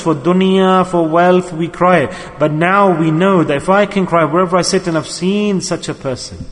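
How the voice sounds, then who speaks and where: A man preaching a sermon with emotive storytelling, repeating his key words. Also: high-pitched. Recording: long hall reverb.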